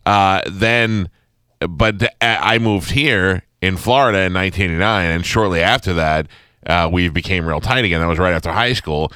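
Deep-voiced man hosting morning radio. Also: normal speed, bright, forceful tone, clear, resonant tone, dry recording, studio quality. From New York. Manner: joking, laid-back storyteller. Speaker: radio show host. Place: radio studio.

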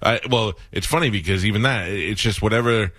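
Man, radio host, very deep voice, dry close mic, casual rambling stories. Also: a little fast, a bit bright, no room sound. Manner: storytelling, rambling with restarts. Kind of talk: casual interview chat.

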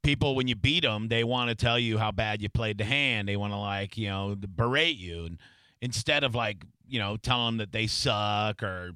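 A man hosts a loose, casual talk show and spins wry, boastful stories at an easy clip. His voice is bright and forward. The sound is dry and close. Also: on the low side, normal speed, clean tone, no room sound. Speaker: podcast host. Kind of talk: casual chat.

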